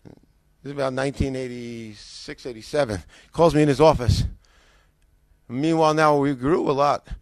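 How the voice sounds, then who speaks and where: A man telling his own conversion story in a lively way, acting out what people said to him, with frequent restarts. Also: mid-range voice, moderate pace. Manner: animated, acts out quoted dialogue, frequent restarts. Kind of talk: personal testimony, storytelling.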